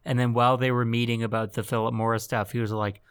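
A man's voice: mid-range voice, flat delivery, fast talker, smooth. A man hosting a casual podcast, retelling a film with loose, profane storytelling. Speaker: podcast host and editor. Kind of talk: casual chat.

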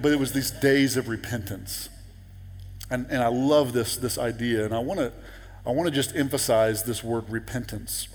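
A man's voice: medium pitch, long reverb tail. A man preaching a sermon as pastor in a church, conversational and repetitive, now and then rising to emphatic peaks. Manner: conversational, repeats words and restarts, rises to emphatic peaks. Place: church sanctuary.

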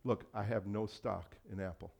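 A man's voice: on the low side, steady tone, normal speed, gravelly, darkish tone, husky. A male pastor giving a conversational sermon, acting out quoted voices and laughing often.

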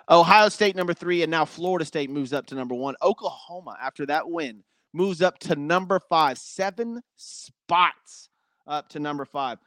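Solo sports host, man, high energy, high-pitched voice. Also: no echo. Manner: energetic, chatty, laughs at his own takes.

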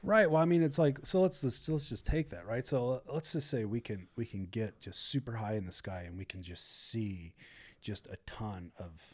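A man's voice: on the low side, moderate pace, a little mellow. A man telling a story in casual chat, acting out the people he quotes.

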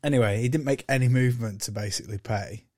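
A man's voice: mid-range voice, fast talker, darkish tone, dry recording, studio quality. Exasperated sweary man. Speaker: podcast co-host. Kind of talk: casual storytelling.

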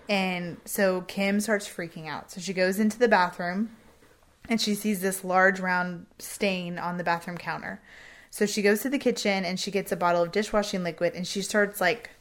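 Woman retelling a true crime case. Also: mid-range voice. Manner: animated retelling, acting out quotes with a Southern "y'all". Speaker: podcast co-host telling a true crime case. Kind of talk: casual storytelling chat.

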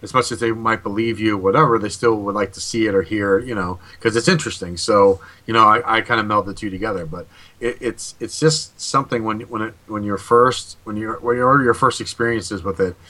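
Casual guy with a bright tone, low-ish voice, talks in loops and acts out quotes, video call show. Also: fairly even intonation, a little fast. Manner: rambling, restarts often, acts out quotes. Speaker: paranormal investigator and psychic co-host. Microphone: video call mic.

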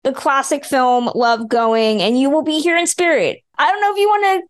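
High-voiced woman podcast host. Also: normal speed. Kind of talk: casual podcast chat.

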